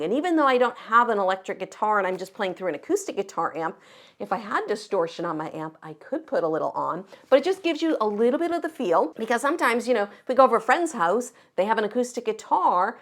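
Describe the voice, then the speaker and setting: A woman teaching guitar, explaining step by step in an encouraging, friendly way. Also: mid-range voice. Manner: encouraging, explains step by step while counting beats. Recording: guitar music behind the voice. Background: her own acoustic guitar playing.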